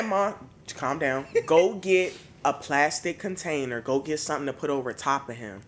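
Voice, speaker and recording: A woman hosting a podcast, telling stories in a casual, profane, animated way. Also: low-pitched, moderate pace. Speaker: podcast host.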